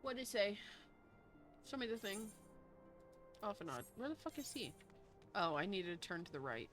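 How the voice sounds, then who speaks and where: A woman's voice: mid-range voice, very animated, moderate pace, a bit bright, faint music behind. A young adult woman streaming a video game in casual commentary, swearing freely and mock-reading the dialogue aloud.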